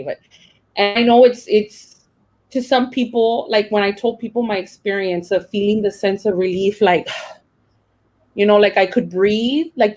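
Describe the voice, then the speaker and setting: A woman's voice: medium pitch, a little mellow, poor audio. A young adult woman teacher, telling a personal story in a rambling, emotional way with many fillers and restarts. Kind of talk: casual personal account.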